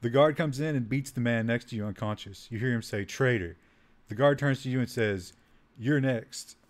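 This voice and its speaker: A man's voice: medium pitch, fast talker. A man streaming, reading out a text adventure game aloud, often laughing at it and trailing off while he types. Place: home streaming setup.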